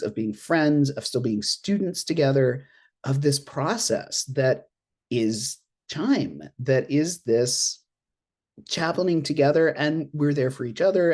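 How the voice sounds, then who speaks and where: An interfaith minister talking casually on a panel from their apartment over a video call, chatty and expressive, laughing often. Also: mid-range voice. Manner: chatty and expressive, laughs often, acts out reactions in quoted asides. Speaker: interfaith minister and board treasurer on an alumni panel. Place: at home in an apartment.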